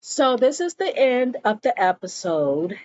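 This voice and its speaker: A woman's voice: a little high, sing-song, measured pace, darkish tone, dull audio, slight background noise. A woman casually recapping a TV episode, slangy and laughing often. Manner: slangy and laughing, says yo a lot. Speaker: show recap vlogger.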